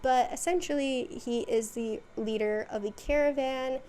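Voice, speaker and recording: A chatty woman with a fairly high voice talks through a story recap. She throws in sarcastic asides and quick bits of quoted dialogue. A faint hiss sits under the voice. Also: warm tone. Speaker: video essay host. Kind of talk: casual recap monologue.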